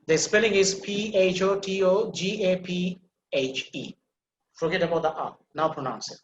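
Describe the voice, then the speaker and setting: A man teaching English pronunciation in an online class, patiently repeating words slowly so a student can copy them. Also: high voice, highs cut off. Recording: echoey room with faint noise.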